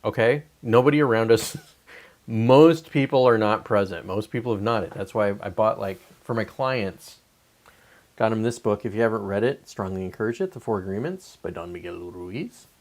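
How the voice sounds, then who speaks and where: A man's voice: normal speed, darkish tone. A man in his forties hosting a livestream, talking in a loose, rambling, profane way and mocking complainers. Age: 40s. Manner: profane, digressive, mocks whiners in high whiny voices. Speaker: livestream host. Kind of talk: casual rambling livestream chat.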